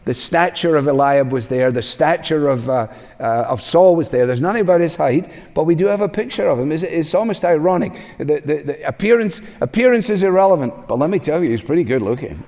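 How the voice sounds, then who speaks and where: Preacher in a reverberant hall. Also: male voice, fairly high pitch. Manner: expressive preaching, slows for emphasis, acts out questions in a rising voice. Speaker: pastor. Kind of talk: sermon.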